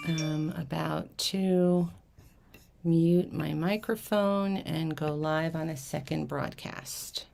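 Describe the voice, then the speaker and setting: A woman's voice: deep voice, steady tone, slow, creaky, a little mellow, a little hiss or hum. A woman hosting a live vintage jewelry auction stream, flustered and rambling, laughing often between fillers and restarts. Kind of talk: casual live-stream chat.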